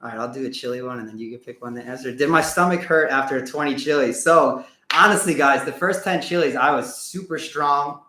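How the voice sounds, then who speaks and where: Young American man, travel vlogger, bright voice, in a roomy echo. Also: mid-range voice, fairly quick, hardly any pauses. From United States. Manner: chatty, lots of yeah-yeah fillers. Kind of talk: casual livestream Q&A chat. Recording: echoey room.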